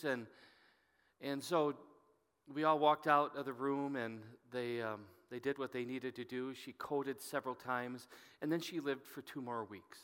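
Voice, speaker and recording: A middle-aged man preaching as a pastor, telling a story in an earnest, halting way and often dropping to a hushed voice. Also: mid-range voice, fairly even intonation, smooth. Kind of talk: sermon storytelling. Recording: long reverb from a hall.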